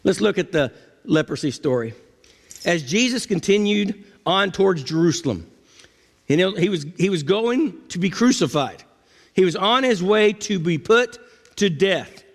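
A man preaching a sermon as pastor, dramatic, swinging from low murmurs up to high cries. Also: animated, unhurried. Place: church sanctuary. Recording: long church reverb.

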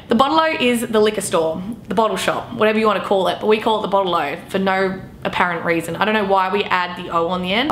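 A young woman with an Australian accent, talking quickly and swearing freely as she explains slang in a playful, casual vlog. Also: mid-range voice, fairly bright tone, a little hiss or hum. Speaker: vlogger. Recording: echoey room.

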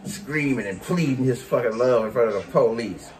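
Male vlogger, mid-pitch voice, scolding and mocking rant style with faint music behind. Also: normal speed, darkish tone. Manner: scolding, mocking, heavy slang and cursing. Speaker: commentary vlogger. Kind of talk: profane reaction rant.

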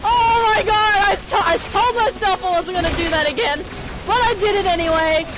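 A woman streaming a video game, reacting excitably, swearing often and mocking herself. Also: very high voice, brisk, a loud crowd. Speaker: gaming streamer. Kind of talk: let's play reactions. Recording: slightly dull stream audio with game music. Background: game music.

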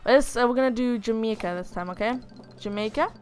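Young woman gamer, chatty and playful, slightly high voice, soft game music under her. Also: fairly quick. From Lithuania. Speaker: gaming YouTuber. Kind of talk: casual let's-play commentary.

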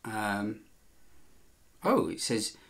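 A man's voice: on the low side, sing-song, very slow, gravelly, fairly bright tone. A man talking casually as he works on a guitar, meandering and correcting himself with dry little jokes. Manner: chatty, meandering, self-correcting, dry joking. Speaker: vlogger restoring a guitar. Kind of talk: casual talk while working.

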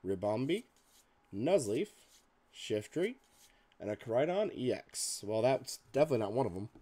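A man hosting a card-opening video, reading card names aloud in a list with casual muttered asides, slightly hoarse and clearing his throat. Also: medium pitch, very animated, moderate pace, warm tone, slight background noise. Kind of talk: casual pack-opening commentary.

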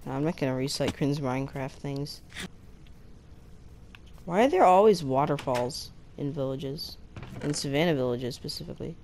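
Low-voiced woman chatting through a game. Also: a little hiss or hum. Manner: chatty, breaks into excited squeals, sounds out foreign words slowly. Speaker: gaming channel host. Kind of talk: casual gameplay commentary.

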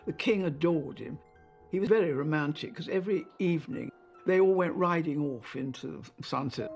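A woman's voice: low-pitched, normal speed, creaky, darkish tone, slightly rough, soft background music. An older English woman recalling memories in an interview, telling anecdotes and acting out voices. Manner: anecdotal, acts out remembered voices. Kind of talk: reminiscing interview.

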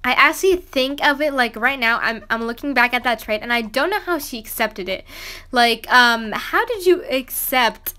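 A young woman with a high, clear voice tells a casual storytime about a game. She rambles along with lots of fillers and restarts, acting out the lines of the people in her story, and her tone stays bright and crisp throughout. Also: moderate pace. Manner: rambling, many fillers and restarts, acts out quotes. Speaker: gaming vlogger.

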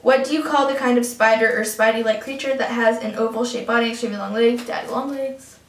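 Young girl vlogging, kinda high voice, bit far from the mic in a roomy space, giggly. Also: fairly even intonation, fast. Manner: giggly, reads word list. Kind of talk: casual chat. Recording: echoey room from far off.

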